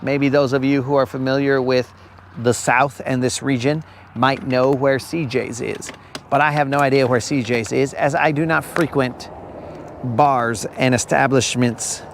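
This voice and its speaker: A man's voice: mid-range voice, fairly even intonation, unhurried, a little hiss or hum. A man hosting a live fishing stream outdoors on a lake, joking with viewers in casual chat and calling them bro.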